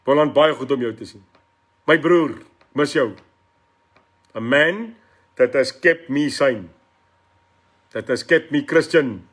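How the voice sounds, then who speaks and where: A man's voice: medium pitch, slow, pauses often. A middle-aged South African man with a South African accent hosting a live political stream, speaking passionately, mixing in Afrikaans and greeting viewers by name. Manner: impassioned, switches between English and Afrikaans, greets viewers by name. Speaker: political talk show host.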